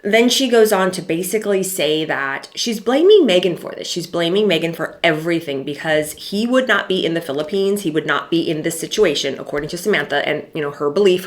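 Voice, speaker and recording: A middle-aged woman with a low voice talks through a casual commentary vlog. She speaks conversationally, with dry sarcastic remarks and lots of "um" and "you know". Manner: chatty, dry sarcastic asides, frequent fillers.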